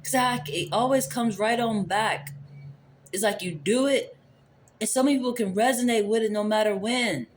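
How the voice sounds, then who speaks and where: An adult tarot reader talks casually into a phone camera, meandering through a spiritual reading and reusing the same phrases. The voice sits at medium pitch and moves at normal speed, with slight noise in the background.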